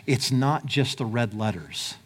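A man preaching a sermon in a conversational way, swinging between loud emphatic lines and quiet low ones. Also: animated, measured pace, slight background noise. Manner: conversational, with fillers like "like" and "right?". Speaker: pastor.

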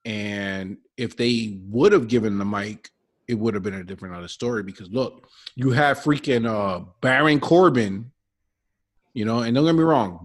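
Rambling man in casual wrestling chat. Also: medium pitch. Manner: rambling, animated, repeats himself.

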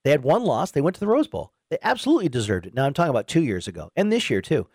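A man hosting sports talk radio, his voice rising and falling a lot as he chats. He slips into high, excited voices when he plays out what fans say. The sound is close and dry, recorded in a studio. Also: very fast, breathy edge, no room sound. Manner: animated, quotes imagined fans in raised voice. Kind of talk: casual sports radio chat.

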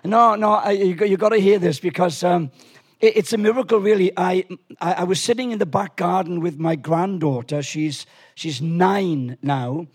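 A man's voice: sits high, moderate pace, slightly rough. A man in his sixties preaching to a congregation, chatty and joking as he tells a story, with frequent restarts. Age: 60s. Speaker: guest preacher. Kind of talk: sermon with storytelling. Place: church service in a tent.

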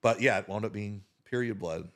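A man telling a casual story as a podcast guest, animated and swearing freely, talking with his hands. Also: lowish voice, fairly quick.

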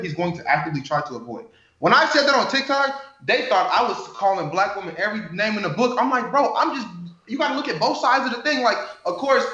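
A nineteen-year-old man chatting as a podcast guest, animated and swearing, rising into loud outbursts. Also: sits high, reverberant, muffled recording. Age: teens. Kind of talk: casual podcast chat.

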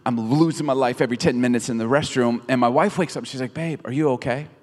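A middle-aged man, a pastor, telling a funny story in a sermon, animated and self-mocking. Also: medium pitch, quick pace, a little hiss or hum. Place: church auditorium stage. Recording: reverberant hall.

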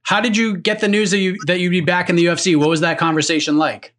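A man hosting an interview who asks brisk, plain questions. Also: high-pitched, level tone, fairly bright tone. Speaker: interview host.

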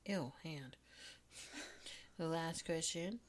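A young woman co-hosting a silly, casual chat on a chest mic, giggling and breaking into high squealing shouts. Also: extremely slow. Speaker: podcast co-host. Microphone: clip-on chest mic.

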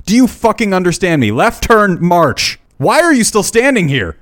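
A man's voice: high-pitched, sing-song, moderate pace, a bit bright, dry recording, studio quality, voice pushed up. A man reading aloud as a profane male lance corporal barking orders at fresh recruits. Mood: furious.

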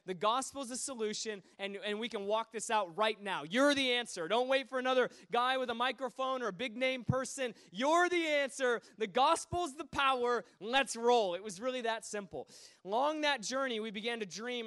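A man preaches with a high, resonant voice. He tells his stories with animated energy, dropping to near-murmurs and then surging into loud bursts. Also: clear, resonant tone. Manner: animated, swinging between hushed asides and loud bursts. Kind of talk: sermon storytelling.

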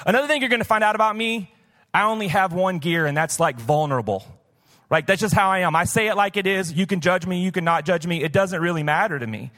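A pastor from the Missouri Boot Heel, USA, gives a casual live sermon in a church auditorium, candid, chatty, and full of "like" fillers. His high voice is animated, fast, pushed and bright, trailed by long reverb.

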